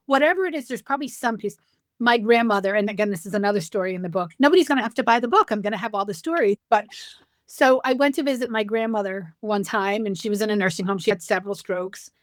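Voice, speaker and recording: A middle-aged woman, a dementia care expert, telling stories in a lively conversational way and acting out the dialogue. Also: mid-range voice, quick pace, dry recording, clean studio sound. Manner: storytelling, animated, acts out dialogue. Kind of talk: conversational podcast interview.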